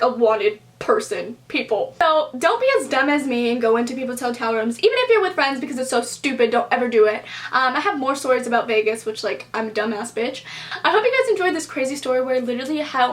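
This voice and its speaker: A young woman talks straight to her camera in a storytime vlog. Her voice sits high, and she tells the story casually and animatedly, leaning on "like" and acting out what everyone said. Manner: animated, expressive, heavy use of "like", acts out quotes. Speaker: vlogger.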